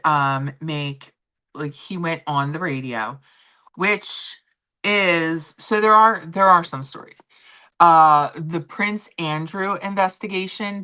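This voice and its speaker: Chatty low-voiced woman host. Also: pushed and bright. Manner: chatty, opinionated, many fillers and restarts. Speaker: livestream host. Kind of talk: casual chat about royal gossip.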